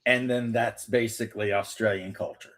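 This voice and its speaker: A man's voice: lowish voice, fairly even intonation, moderate pace, a bit bright. A man hosting a casual chat while he paints, rambling and joking. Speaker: host.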